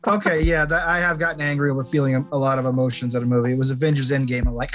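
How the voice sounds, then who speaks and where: A man's voice: mid-range voice, level tone, racing, few pauses, fairly bright tone, faint music behind. A man in his forties joking wryly among friends before a tabletop game. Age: 40s.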